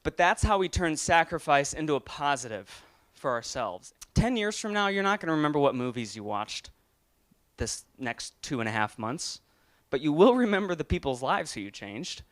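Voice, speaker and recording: A man's voice: fairly high pitch, big pitch swings, fairly quick, a bit bright. Earnest man giving a motivational talk. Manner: earnest, restarts words, grows emotional. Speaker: motivational speaker.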